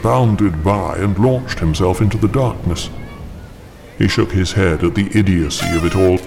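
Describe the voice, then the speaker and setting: Deep slow male storyteller over music. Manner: reads with dramatic intensity and jumps much higher for quoted characters. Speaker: narrator. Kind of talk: dramatic audiobook narration. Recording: narration with clear background music.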